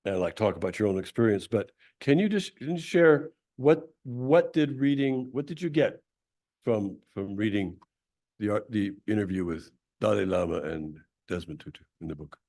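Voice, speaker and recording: Man coaching a group, clearing his throat. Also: fairly low pitch, lively intonation, moderate pace, darkish tone. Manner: coaching, directive instructions. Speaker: speaker leading a Sunday talk. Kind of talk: leading a group laughter exercise.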